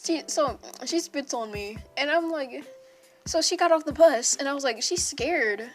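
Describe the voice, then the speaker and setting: A woman's voice: high-pitched, moderate pace. A young woman telling an unscripted personal story in a rambling, self-interrupting way, with casual slang. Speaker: storytime vlogger. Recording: music playing behind.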